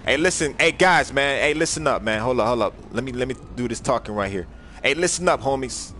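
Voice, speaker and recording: A young man on a gaming livestream, joking loudly and bossing his crew around, jumping from shouts down to low mumbles. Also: lively intonation, brisk, slight background noise. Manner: loud, joking, bossy, swings from shouting to mumbling. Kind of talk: casual gaming livestream chat.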